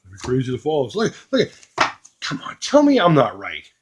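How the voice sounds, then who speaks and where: A man casually showing off a box of collectibles, joking crudely and doing quick mocking voices for the pictures. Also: mid-range voice, huge pitch swings, a little hiss or hum. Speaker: retro collecting YouTuber. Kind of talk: casual unboxing commentary.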